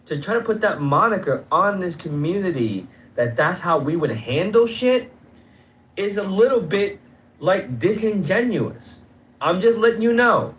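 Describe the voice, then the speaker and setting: A man's voice: high voice, very animated, a little slow, fairly bright tone, low-quality recording. Insistent man in a heated debate. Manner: insistent, repeats the other's name, swears. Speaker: debate guest.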